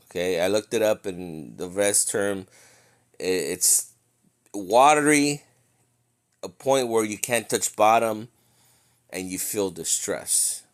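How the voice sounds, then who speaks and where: A man teaching scripture in an informal, conversational way, slowing down to read verses aloud and often checking in with his listeners. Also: on the low side. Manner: conversational, checks in with "okay?" and "right?". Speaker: bible teacher.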